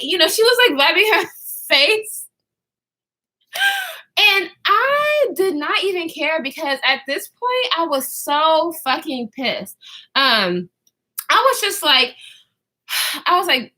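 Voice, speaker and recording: A young woman chats straight to her viewers in a high, bright voice that swoops up and down as she tells her story. She talks casually and slangily, swears freely, and often breaks off mid-sentence to start again. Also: slow pace, pauses often. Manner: animated, slangy, swears freely, trails off and restarts. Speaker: vlogger telling a story.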